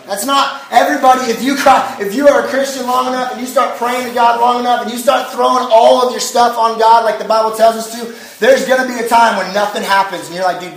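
A young man giving a casual youth sermon, telling the story in an animated way and using lots of filler words. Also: extremely high pitch, brisk. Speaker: youth pastor. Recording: echoey hall, voice from a distance.

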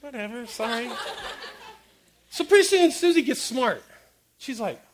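A man giving a lively comic sermon, quizzing the crowd and acting out little stories. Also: very high voice, measured pace. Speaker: preacher speaking to a youth audience.

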